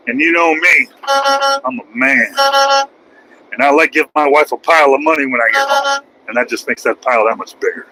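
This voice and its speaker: Middle-aged trucker man, rambling jokey stream chat from his cab, bright forceful voice, faint road noise. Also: fairly high pitch, rough recording. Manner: rambling, joking, self-mocking. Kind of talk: casual live-stream chat while driving.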